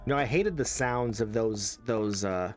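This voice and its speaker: A man's voice: fairly low pitch, measured pace, a little hiss or hum. A man casually commentating a horror video game as he plays, wry and chatty, reading the on-screen text aloud. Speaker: let's play gamer.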